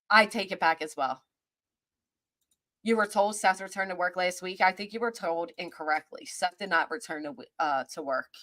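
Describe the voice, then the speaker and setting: A woman's voice: fairly low pitch, a bit bright, no echo. Casting note: woman host with a Kentucky accent, casual livestream chatter, greets chat by name, close dry sound. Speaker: host of a live-stream chat show. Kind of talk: casual live-stream commentary.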